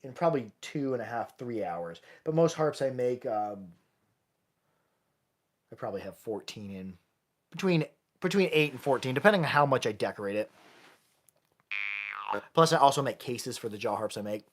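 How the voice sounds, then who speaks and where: Guy doing a live jaw harp lesson, chatty, keeps restarting, average pitch. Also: animated, normal speed, long pauses. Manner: casual, chatty, with frequent restarts. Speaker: jaw harp player and maker. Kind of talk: live-streamed music lesson.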